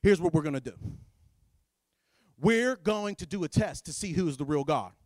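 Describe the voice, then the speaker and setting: A man preaching, voicing a swaggering slangy male prophet who loudly mocks his rivals. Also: fairly high pitch, lively intonation, normal speed, no room sound, close to an everyday voice. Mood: boastful challenge. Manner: loud, brash, mocking.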